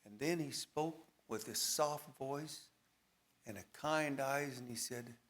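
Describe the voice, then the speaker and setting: A man's voice: mid-range voice, takes it slowly, fairly bright tone. A man telling his personal testimony at a church service, dramatic storytelling with a voice that rises and falls with emotion. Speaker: church member giving testimony.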